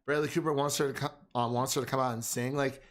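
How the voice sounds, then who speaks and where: A young man hosting a casual film chat, animated and rambling, laughing often. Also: mid-range voice, quick pace. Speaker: film podcast host.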